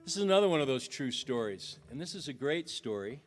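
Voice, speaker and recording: A man's voice: mid-range voice, sing-song, brisk, over loud music. A middle-aged man, a singer-songwriter, telling a folksy family story between songs at a concert, chuckling now and then.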